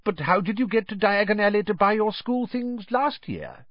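A man voicing an eager, curious middle-aged wizard father who asks excited questions, on a dull, dry recording. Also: sits high, normal speed, no echo, voice pushed up.

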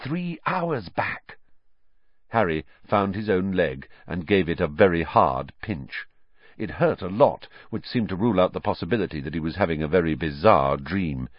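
A man reading a story aloud as an audiobook narrator in a measured, expressive way. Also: low voice, no echo, highs cut off. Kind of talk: scripted narration.

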